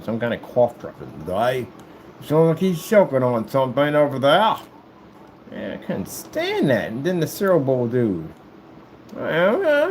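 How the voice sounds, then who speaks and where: Animated man with a lively, bouncing voice. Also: slight background noise, poor audio. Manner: animated, jumps into high falsetto sing-song and joking voices. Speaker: vlogger. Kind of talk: casual rambling monologue while working.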